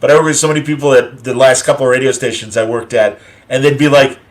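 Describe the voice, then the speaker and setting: A man's voice: mid-range voice, fairly even intonation, fast talker. A man in his fifties hosting a casual chat, who rambles, stammers and acts out voices in his stories. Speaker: host.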